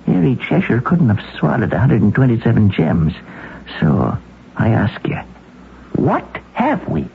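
An actor playing a confident, shrewd Boston police chief in an old-time radio drama, with a breezy, folksy manner. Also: male voice, mid-range voice, wildly swooping pitch, measured pace, creaky, exaggerated voice. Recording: phone-like old radio broadcast, faint hiss.

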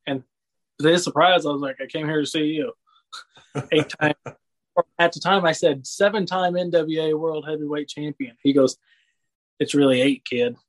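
Poor audio carries a fairly high-pitched male voice at a moderate pace. He's a rambling storyteller, chatting casually about wrestling memories with frequent laughter and the phrase "you know what I mean."

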